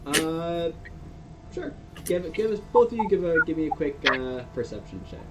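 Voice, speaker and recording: A man's voice: fairly high pitch, animated, normal speed, background noise. A man running a tabletop game as game master, narrating with many fillers and restarts. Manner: rambling, many fillers and restarts, laughs often. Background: music.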